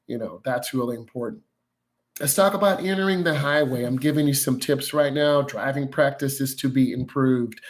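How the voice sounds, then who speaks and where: A male driving instructor talks viewers through the rules of the road in a casual, instructional way. He repeats key points and often checks in with "right?" or "okay?". His voice sits at an ordinary middle pitch.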